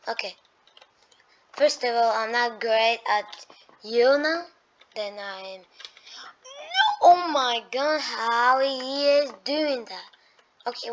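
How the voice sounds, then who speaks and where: A woman doing excitable let's-play gameplay commentary, talking to the enemies and breaking into sudden shrieks of alarm. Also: a little high. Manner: talks to enemies as she plays. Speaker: gaming YouTuber. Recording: dull lo-fi mic.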